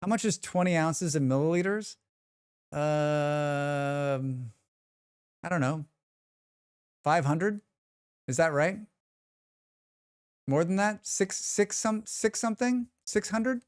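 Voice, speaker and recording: A man's voice: fairly high pitch, takes it slowly, long pauses, clean tone, no room sound, clean studio sound. A man streaming live, chatting casually and joking with his chat. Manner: rambling, joking, reacts to chat.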